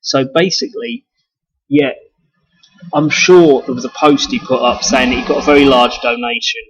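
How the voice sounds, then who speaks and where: A British video blogger with a mid-range, lively voice rambles casually at normal speed, swearing and restarting sentences as he goes. The audio sounds dull and lo-fi.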